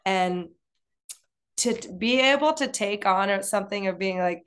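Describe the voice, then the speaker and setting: A woman co-hosting a relaxed conversation. She talks in a loose, chatty way, full of "like" and restarts. Her voice sits at an ordinary medium pitch. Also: moderate pace. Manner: chatty, many fillers and restarts. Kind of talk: casual chat.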